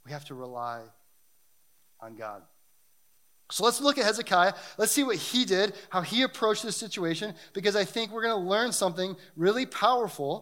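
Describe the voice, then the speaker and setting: A man's voice: fairly high pitch, fairly bright tone. A man preaching a sermon and reading scripture, talking in an earnest, emphatic way that builds in intensity.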